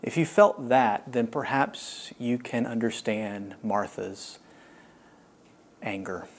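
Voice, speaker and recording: A man preaching a sermon as a pastor, earnest and reflective, with long pauses. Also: lowish voice.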